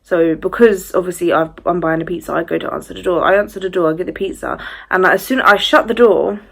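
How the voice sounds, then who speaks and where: A young woman, casually telling a personal ghost story to her channel, full of "like" and animated retelling. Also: on the low side, fast talker, creaky, husky. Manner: chatty, fillers of "like", animated retelling. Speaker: vlogger.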